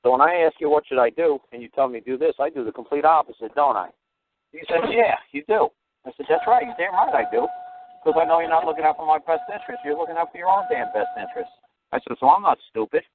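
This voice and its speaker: Brief: rapid, salty male radio host, animated storyteller, thin phone-quality audio. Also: on the high side. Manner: blunt, profane, animated storyteller. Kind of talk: call-in radio talk, storytelling.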